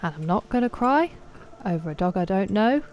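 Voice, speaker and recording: A young woman giving casual commentary while streaming a game, chatting with her viewers and reacting loudly. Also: mid-range voice, animated, brisk, a little hiss or hum.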